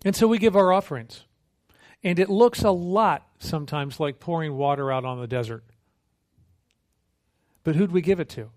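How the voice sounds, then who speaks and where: A male missionary preaches a sermon in a conversational, humorous style, telling stories animatedly and acting out quotes. His voice is on the high side, at normal speed with long pauses.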